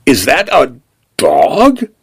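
A man voicing a robot delivery vehicle that is startled and fussy, speaking in quick exclamations. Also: mid-range voice, huge pitch swings, breathy edge, pitched above the performer's own voice, full character voice. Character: flustered robot delivery vehicle, male-sounding.

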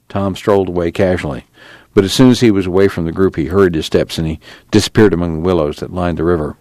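A man with a somewhat low voice narrates a novel at an even, measured pace. The recording is close and dry, with no room sound. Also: no echo. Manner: steady, measured storytelling. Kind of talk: audiobook narration.

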